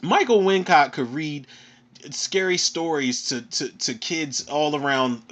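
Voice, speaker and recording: A man with a Philadelphia accent ranting casually through a film review, animated and profane, ending his phrases with "man". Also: fairly high pitch, a little slow. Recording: dull lo-fi recording.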